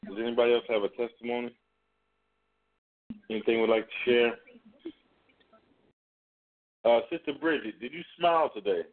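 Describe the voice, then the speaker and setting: A man leading a prayer line, praying and then chatting with callers in a halting way, full of fillers and restarts. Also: mid-range voice. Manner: hesitant, many fillers and restarts. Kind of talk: prayer and call-in chat. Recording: tinny phone line.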